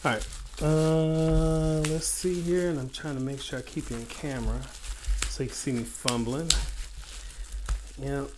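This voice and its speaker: Male reviewer with a drawl, unhurried and rambling, casual unboxing chat. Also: on the high side, steady tone, very noisy. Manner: chatty, rambling, playful asides. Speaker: product reviewer.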